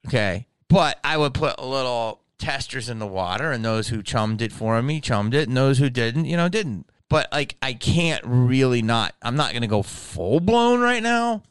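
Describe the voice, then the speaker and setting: Profane, riffing comedian with a smooth voice. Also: male voice, medium pitch, lively intonation, normal speed, hardly any pauses, dry recording. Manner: slips in impressions. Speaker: comedian and podcast host. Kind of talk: comedic podcast monologue.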